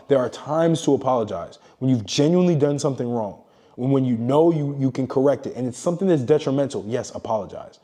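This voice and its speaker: A man's voice: mid-range voice, expressive, quick pace, mellow. A man giving a blunt, profane motivational monologue as a self-improvement coach, lecturing emphatically.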